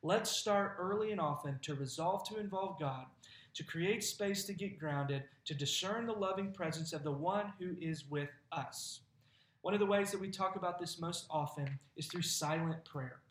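A man's voice: sits high, moderate pace, fairly bright tone, roomy sound. A man preaching a sermon as pastor, conversational and folksy, laughing now and then.

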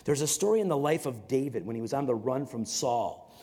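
A man's voice: medium pitch, lively intonation, brisk, mellow. A man preaching a sermon in a conversational way, often repeating words and acting out stories. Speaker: pastor. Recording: long hall reverb.

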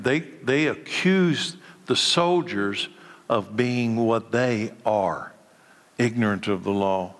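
A man gives a teaching sermon with an emphatic, questioning delivery, pressing his listeners and reading scripture aloud. His voice sits at a middle pitch for a man and carries a long hall reverb around it. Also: fairly bright tone. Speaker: Bible teacher.

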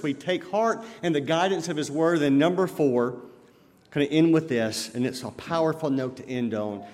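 A male pastor preaching a sermon earnestly, with emphatic rises when quoting scripture. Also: on the high side. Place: church sanctuary. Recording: long reverb of a church hall.

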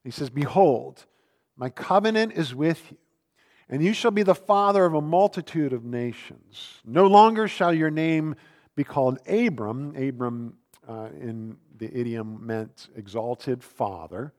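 A man's voice: mid-range voice, lively intonation, measured pace, darkish tone. Man preaching in a reverberant hall. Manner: conversational storytelling, self-deprecating humor. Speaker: pastor. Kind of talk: sermon.

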